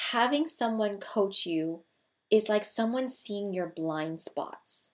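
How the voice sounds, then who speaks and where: A woman in her thirties, a people skills coach, talking straight to her viewers in an energetic way and repeating key phrases for emphasis. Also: mid-range voice, slow. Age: 30s. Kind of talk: scripted-feeling casual vlog talk to camera.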